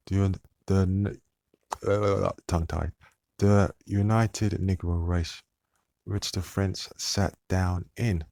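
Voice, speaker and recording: A man speaks in a low, unhurried drawl with a rough, gravelly edge. He rambles on to his viewers, hesitating and restarting often. The sound is dry and close, with no room around it. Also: darkish tone, dry recording. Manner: hesitant, meandering, many fillers and restarts. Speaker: channel host.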